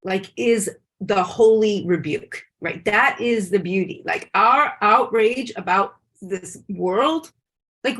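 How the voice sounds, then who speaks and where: Husky earnest woman rabbi teaching. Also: fairly high pitch, a bit bright. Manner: earnest and impassioned, frequent "like". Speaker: rabbi leading an online session. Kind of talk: spiritual teaching talk.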